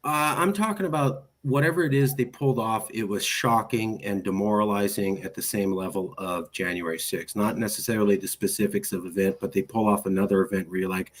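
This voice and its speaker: A man's voice: lowish voice, a little fast, few pauses. A man interviewing a guest in casual conversation, telling anecdotes and acting out what people said. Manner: storytelling, animated with quoted voices.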